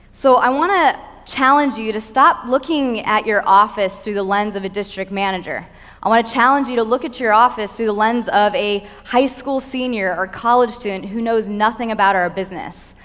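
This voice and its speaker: Bright-voiced woman speaking in a hall. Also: a little high. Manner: earnest, teaching, with frequent "you know" fillers. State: cold. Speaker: conference speaker. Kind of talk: motivational conference talk. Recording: long hall reverb.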